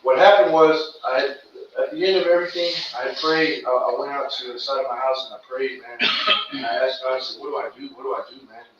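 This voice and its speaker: A man's voice: medium pitch, steady tone, fairly quick. A man sharing an earnest, rambling personal testimony at a recovery meeting, talking in casual slang. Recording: distant, echoey, muffled room recording with noise.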